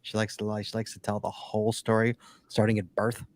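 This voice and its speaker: A man's voice: on the low side, completely flat delivery, fairly quick. A man co-hosting a casual podcast, chatty and teasing as he reads listener emails aloud. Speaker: podcast co-host.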